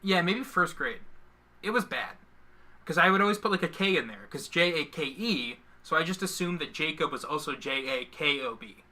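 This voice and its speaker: A man's voice: a little high, animated, moderate pace, pushed and bright. A man co-hosting a casual live stream, joking and poking fun at himself. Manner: jokey, self-mocking. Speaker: stream co-host.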